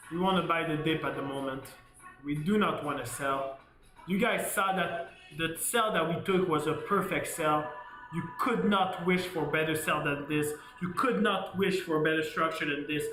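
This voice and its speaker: Male stream host, bright forceful voice, lively trading commentary, echoey room with faint music behind. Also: fairly high pitch. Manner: energetic, repeats "guys", laughs often.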